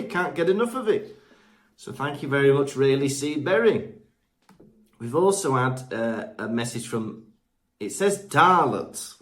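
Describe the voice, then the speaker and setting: A man's voice: mid-range voice, fairly bright tone. A man co-hosting a podcast, reading listener reviews aloud in a chatty way with fillers, stumbling over names. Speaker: podcast co-host. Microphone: remote podcast mic.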